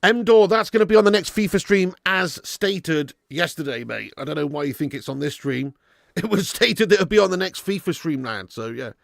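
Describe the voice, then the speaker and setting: A man putting on the voice of a gruff, combative Australian football manager, gravelly and mumbling, who ends his lines with "mate". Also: a little high, expressive, normal speed, dry recording, clean studio sound.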